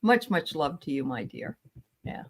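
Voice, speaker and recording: A woman's voice: low-pitched, very animated, unhurried. A woman hosting a live stream over a video call, flustered and apologetic, laughing easily. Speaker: channel host.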